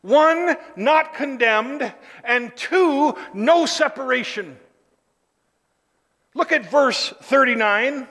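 A preacher with a very high, bright and forceful voice delivers an emphatic sermon. He swings between quiet asides and shouted declarations, and his voice rings out with a long hall reverb. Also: animated, extremely slow. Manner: emphatic, rises to shouted lists.

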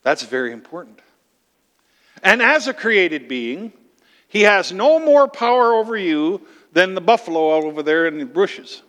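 A man's voice: high voice, very animated, measured pace, a bit bright, big-room sound. A man preaching a sermon, explaining scripture emphatically with rhetorical questions.

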